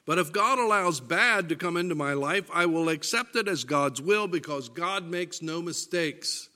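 A man preaching a sermon, deliberate and emphatic, reading scripture aloud. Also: fairly high pitch, lively intonation, bright, forceful tone.

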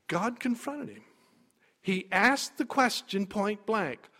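Male preacher going slow, bright edgy tone, gets loud then hushed. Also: high voice, lively intonation. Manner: emphatic, slow, swings from quiet to loud. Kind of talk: sermon.

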